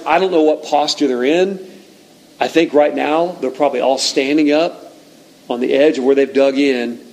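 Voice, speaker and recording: Animated male preacher telling a story. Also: mid-range voice, low-quality recording. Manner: animated storytelling, frequent restarts. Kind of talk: sermon.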